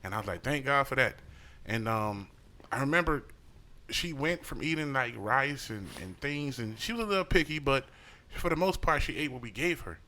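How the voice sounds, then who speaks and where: A man co-hosting a casual podcast chat, telling animated, profane stories about his daughter and acting out her voice. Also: moderate pace. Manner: animated storyteller, acts out his daughter in a high voice; profane, laughs often. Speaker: podcast co-host.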